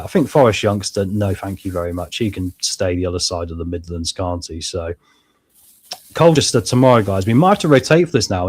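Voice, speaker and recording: A fairly low-voiced man talks viewers through a football management game in a casual, chatty way. He jumps between excited cheering and relaxed asides, calling his audience mates and guys. His voice sounds a bit strained from shouting earlier in the day. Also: breathy edge. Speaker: gaming YouTuber playing a football management game. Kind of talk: casual gameplay commentary.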